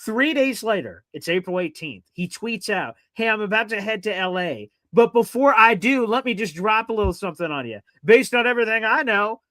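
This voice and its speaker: A man hosting a casual sports talk show, swearing and getting loud and worked up. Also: high-pitched, expressive, a little fast, hardly any pauses, dry recording. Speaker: podcast host.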